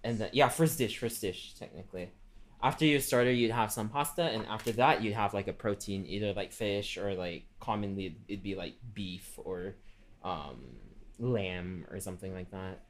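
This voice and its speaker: A man's voice: on the low side, normal speed, slight background noise. Chatty man streaming while cooking. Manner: refers to himself in the third person; chatty, rambling with many fillers. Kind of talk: casual cooking livestream chat.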